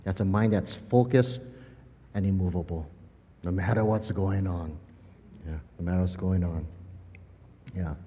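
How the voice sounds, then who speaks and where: Man, pastor, sermon, animated storyteller, reverberant church hall. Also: sits low, measured pace, pauses often. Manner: animated storytelling, laughing often, then quiet and earnest.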